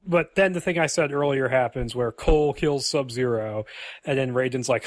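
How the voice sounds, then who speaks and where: A man's voice: mid-range voice, lively intonation, moderate pace, dry recording. A man co-hosting a podcast, casually and animatedly retelling a movie script and acting out its lines. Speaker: podcast co-host.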